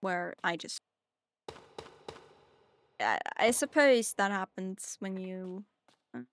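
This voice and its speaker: A woman's voice: medium pitch, lively intonation, takes it slowly, no echo. A young German woman, a native German speaker with an English accent that mixes British touches, chatting in a rambling, self-deprecating way while streaming a game. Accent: German-speaker with mixed British touches. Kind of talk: casual chat while playing.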